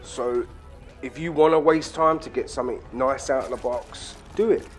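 A man's voice: mid-range voice, moderate pace, faint music behind. Crude man commentating a game. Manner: crude, excitable banter with sudden shouts. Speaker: gaming channel host. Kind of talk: profane casual gameplay commentary.

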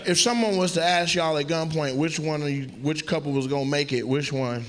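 Speaking fairly quickly in a fairly high voice, a male comic teases audience members with brash, profane crowd work at a comedy club. The live club audio carries a little hiss or hum along with loud crowd laughter.

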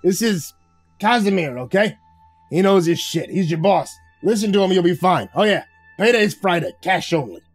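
A man voicing a shady male zoo owner, talking in a hurried, breezy salesman way. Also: sits high, expressive, no echo, faint music behind, voice pushed up.

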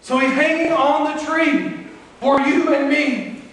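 A man's voice: extremely high pitch, slow pace, a bit bright. A man preaching a sermon as pastor, reading scripture aloud and explaining it to the congregation. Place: church sanctuary. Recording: echoey church hall from far off.

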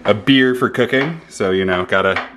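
Low-voiced guy walking thru a recipe, chill, pans clattering in the kitchen. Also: moderate pace. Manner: easygoing, step-by-step explaining. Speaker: home cook co-host. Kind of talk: casual cooking demonstration. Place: home kitchen. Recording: home kitchen with pan and dish noise.

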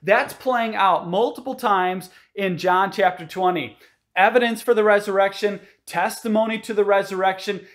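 High-voiced man preaching emphatically. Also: fairly bright tone. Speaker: pastor. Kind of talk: sermon.

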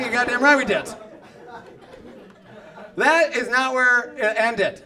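A young man doing a stand-up comedy set, telling self-mocking stories and shouting out punchlines. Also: extremely high pitch, slow pace, pauses often. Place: comedy club with a live audience. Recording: live club recording with crowd. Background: audience laughter.

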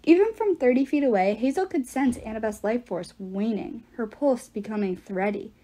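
A woman's voice: a little high, expressive, normal speed, dark tone. Woman reading a novel aloud. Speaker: audiobook reader.

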